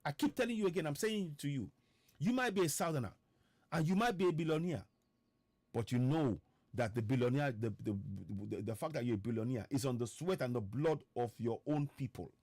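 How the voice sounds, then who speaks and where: A man's voice: medium pitch, animated, a little fast, a little mellow, no echo. A man with a Nigerian accent hosting an impassioned online broadcast, firing off repeated rhetorical questions with stammering restarts. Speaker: political activist host.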